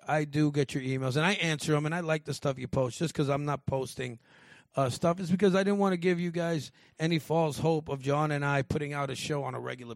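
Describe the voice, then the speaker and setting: A man's voice: a little high, creaky, no echo. A man co-hosting a podcast in casual chat, loose and swearing, laughing often. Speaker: podcast co-host.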